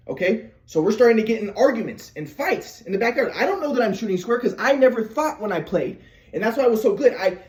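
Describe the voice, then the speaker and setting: A man with a notably high voice tells his own story in a loose, earnest monologue. He stumbles and restarts often, and acts out movements and other people's lines as he goes. The sound is roomy and echoey. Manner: demonstrates footwork while talking, acts out his father's lines. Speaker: former basketball player telling his story.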